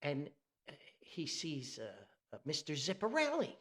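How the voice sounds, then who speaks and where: A man from New Jersey telling a funny story on a podcast, animated and chuckling, with rambling asides. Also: a little high, a little slow. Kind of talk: humorous storytelling.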